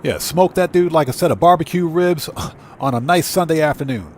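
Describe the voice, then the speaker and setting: A man hosting a live gameplay stream, trash-talking rival players and giving loud shout-outs to chat members. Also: on the high side, moderate pace, a little hiss or hum. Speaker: livestream host.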